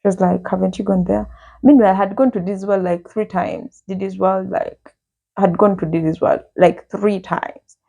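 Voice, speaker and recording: A young woman casually telling a lively personal story from her school days, laughing and acting out what people said. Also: medium pitch, normal speed, vocal fry. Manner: lively, laughing, acts out quotes.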